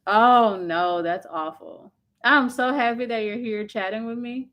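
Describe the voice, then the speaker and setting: Speaking unhurriedly in a fairly high voice with the highs cut off, a woman hosts a home livestream. She goes through viewer comments, answering them sympathetically in loose talk full of fillers.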